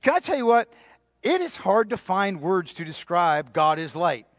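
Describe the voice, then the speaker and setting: A man preaching a sermon, emphatic, repeating key phrases and dropping to a hushed voice for stress. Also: high voice, sing-song, moderate pace, no echo, studio quality. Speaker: pastor.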